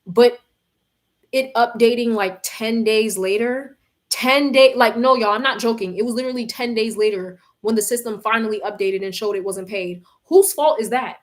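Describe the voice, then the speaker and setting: A woman's voice: a little high, fairly even intonation, normal speed, echoey room. Profane young woman venting to camera. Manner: frank, profane, addresses viewers as y'all. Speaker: vlogger and tarot reader. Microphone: phone camera.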